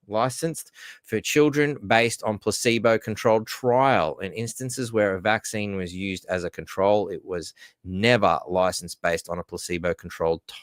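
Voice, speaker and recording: An Australian man hosts a solo news commentary, ranting sarcastically and trailing off into asides. His lowish voice is smooth and sounds close and dry. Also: a bit bright, no room sound. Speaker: host.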